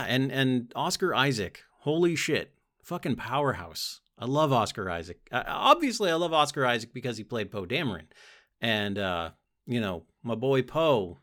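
A young man hosting a casual solo podcast, rambling excitedly about a show, swearing often and laughing between thoughts. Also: mid-range voice. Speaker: podcast host.

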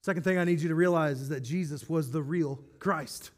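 Man, pastor, sermon, high voice, enthusiastic, conversational, self-deprecating. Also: a little fast.

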